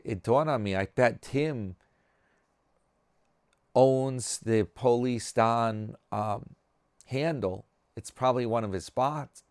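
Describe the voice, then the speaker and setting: A man's voice: mid-range voice, clear, resonant tone, no room sound, clean studio sound. A man hosting a vlog in casual chat, reading viewer comments aloud with a wry, chatty manner.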